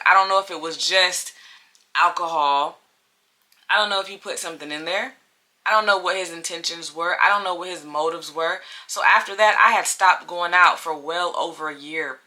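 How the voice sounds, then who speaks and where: A woman vlogger telling a personal story in a chatty, animated way, repeating phrases for emphasis. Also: fairly low pitch. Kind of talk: casual storytime.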